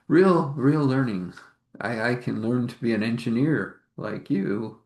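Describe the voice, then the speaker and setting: A man voicing a small, excited child of a space miner, breathless and stumbling over words. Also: medium pitch, slow pace, echoey room.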